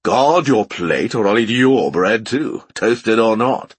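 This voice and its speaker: A man doing a hearty, booming big husband. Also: expressive, slow pace, husky, no room sound, exaggerated voice. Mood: hearty joking.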